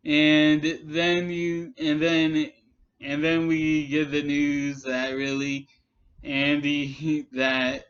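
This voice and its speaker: A man giving a rambling, exasperated response rant in a vlog, with many halting restarts. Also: a little high, a bit bright, dull audio. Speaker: commentary vlogger.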